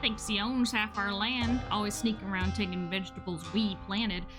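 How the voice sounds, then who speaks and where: A woman voicing a gruff older male farmer, proud and protective, read out plainly from a story game. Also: medium pitch, steady tone, normal speed, over music, close to an everyday voice. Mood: grumbling.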